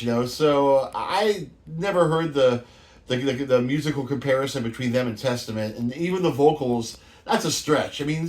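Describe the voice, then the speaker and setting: A man in his fifties from the San Francisco Bay Area, hosting a show and telling loose, profane stories with plenty of laughs. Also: mid-range voice. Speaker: show host. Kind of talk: casual storytelling monologue.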